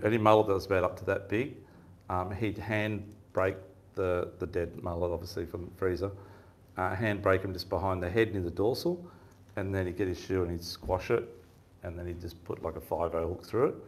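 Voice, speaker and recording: A man giving a fishing seminar, telling rambling stories in a casual chatty way and laughing often. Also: sits low. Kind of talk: casual storytelling talk. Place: seminar room with audience.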